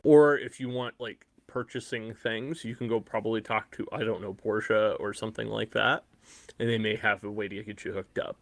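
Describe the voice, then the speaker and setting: A man's voice: fairly low pitch, fairly even intonation, moderate pace, dry recording. A man running a tabletop game as game master, talking loosely and laying out the players' options. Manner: loose, restarting, offers options.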